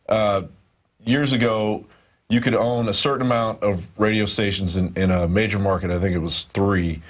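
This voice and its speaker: A man with a fairly low voice speaks as a reporter on a studio news show. He talks in long, rambling stretches, pausing often on fillers as he works through his points. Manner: rambling, hesitant, many fillers.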